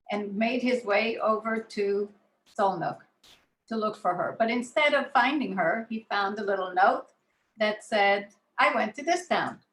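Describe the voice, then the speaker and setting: A woman's voice: medium pitch, a bit bright, roomy sound, rough recording. A woman from Israel telling her family's story as a speaker, in an anecdotal, conversational way. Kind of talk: personal storytelling talk.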